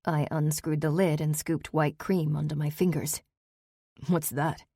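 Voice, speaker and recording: A woman narrating a first-person fantasy audiobook with a low, mellow voice. Her reading is steady and measured, with a quiet tension. The recording is dry and close. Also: dry recording.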